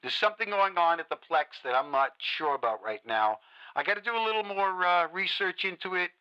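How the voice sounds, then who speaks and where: A man's voice: high-pitched, expressive, a little fast, clean tone. An actor playing a male radio talk show host who speaks in a soothing, reassuring way with hesitant restarts. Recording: muffled radio broadcast.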